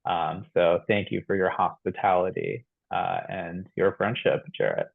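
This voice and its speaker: Man, webinar host, halting speech full of fillers, gravelly, dry close sound. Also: sits low, very animated, dry recording. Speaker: webinar host introducing a guest. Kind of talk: casual introduction. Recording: dry, phone-like call audio.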